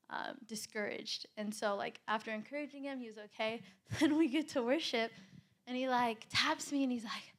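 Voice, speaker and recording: Young woman telling a church story, says like a lot, bit high pitched, earnest. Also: fairly bright tone. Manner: chatty, says "like" constantly, earnest. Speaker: church volunteer sharing a testimony. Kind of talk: casual spoken testimony.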